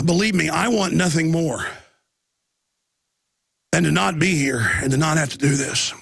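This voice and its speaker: Gravelly talk radio host with a cold. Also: male voice, on the high side, unhurried, a bit bright, no room sound, clean studio sound. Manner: rambling, agitated, many restarts. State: chest cold with coughing.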